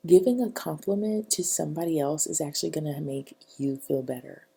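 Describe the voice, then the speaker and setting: Husky low-voiced woman giving chatty advice. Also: fairly quick, warm tone. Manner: chatty, emphatic, acts out quoted voices. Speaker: vlogger. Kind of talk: casual talking-head advice.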